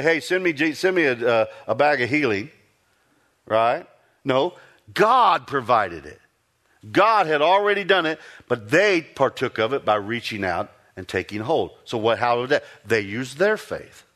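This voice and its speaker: Animated male preacher. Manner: conversational preaching with rhetorical questions; animated, rising pitch for emphasis. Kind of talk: sermon.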